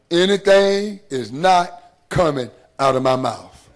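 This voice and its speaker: A middle-aged man, preaching a sermon in a church, moving between hushed asides and rising calls to the congregation. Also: on the high side, lively intonation, moderate pace. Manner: preaching with call-and-response rhythm, shifting between hushed and rising. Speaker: pastor. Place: church sanctuary.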